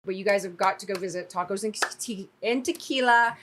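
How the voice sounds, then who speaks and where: Lady hosting a podcast, rambly chatty stories, medium pitch, bit of noise behind. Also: a little fast. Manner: chatty storyteller, drawling, rambling with filler words. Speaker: podcast host. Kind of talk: casual podcast chat.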